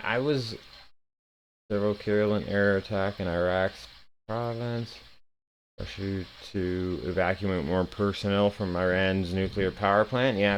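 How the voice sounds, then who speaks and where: A man's voice: on the low side, clear, resonant tone. A man hosting his own news commentary show, reading headlines and reacting with sarcastic, profane, rambling asides.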